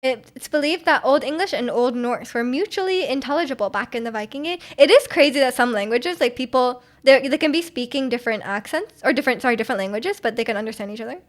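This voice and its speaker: A young woman chats with her live stream viewers, rambling and restarting her sentences, often breaking into giggles. Her voice sits a little on the high side. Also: animated, quick pace, hardly any pauses. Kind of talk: casual chat with live chat.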